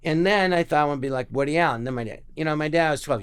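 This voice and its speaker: A man's voice: medium pitch, quick pace, smooth. A man, a guest comedian telling anecdotes in casual chat and acting out the voices of the people in his stories. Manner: animated storyteller acting out quoted voices.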